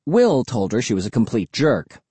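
Husky man narrating an audiobook. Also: mid-range voice, normal speed, no echo. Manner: expressive, lively storytelling. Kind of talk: first-person audiobook narration.

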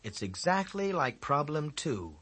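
A man with a husky voice playing a firm, patient woman teacher in a classroom. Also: a little high, sing-song, a little slow, fairly bright tone, voice pushed up, full character voice. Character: patient, firm female schoolteacher.

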